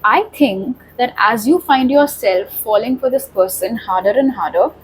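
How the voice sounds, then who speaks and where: A woman's voice: fairly high pitch, normal speed, slight background noise, low-quality recording. A woman giving a pick-a-card tarot reading, talking straight to viewers in a reassuring way. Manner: reassuring, addresses viewers directly. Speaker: tarot reader.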